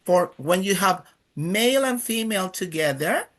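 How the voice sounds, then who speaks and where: A man's voice: sits high, animated, moderate pace, a bit bright. A man teaching a live Spanish class, drilling students by counting in and praising each answer.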